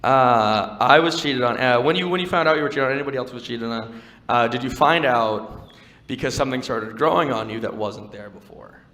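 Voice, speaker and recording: A man's voice: mid-range voice, fairly quick, fairly bright tone. Wry young male stand-up comic. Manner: conversational, wry and self-deprecating with playful crowd work. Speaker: stand-up comedian. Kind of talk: stand-up comedy set. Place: comedy venue stage. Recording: live venue with long reverb.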